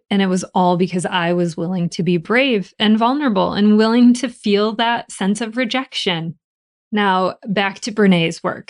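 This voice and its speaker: A woman hosting a podcast, telling a personal story in a chatty way and laughing often. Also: mid-range voice. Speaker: podcast host.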